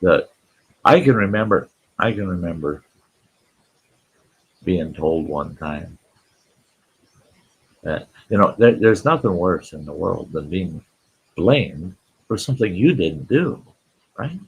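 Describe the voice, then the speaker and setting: Man, live-stream host, folksy rambling storyteller, slow talker, deep voice. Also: expressive, husky, rough recording.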